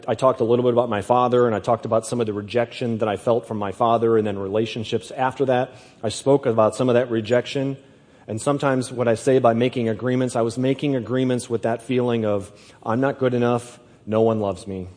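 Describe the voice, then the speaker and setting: A man preaching a sermon, slow and emphatic, often repeating his words. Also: mid-range voice, fairly even intonation, darkish tone, big-room sound.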